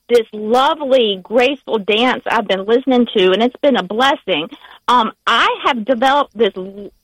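A woman with a Southern US accent calling in to a radio show by phone, talking in a heartfelt, halting way with frequent restarts. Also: a little high, dry recording, low-quality recording. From United States. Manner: emotional, halting, restarts often. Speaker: caller. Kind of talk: call-in chat.

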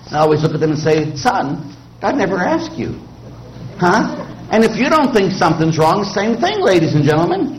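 A middle-aged man, a priest, preaching a sermon in a lively, teasing way and putting questions to the congregation. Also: fairly high pitch, normal speed, slight background noise, low-quality recording. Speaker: Catholic priest.

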